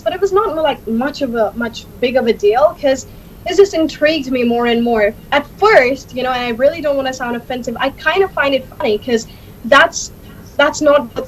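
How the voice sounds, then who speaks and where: A woman with a high, light voice, speaking as an interview guest. She talks chattily, leaning on fillers like "like" and "uh" and often restarting her sentences. A faint rumble sits underneath her voice. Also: rough recording. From India. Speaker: guest, accent learner. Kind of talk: casual interview answers.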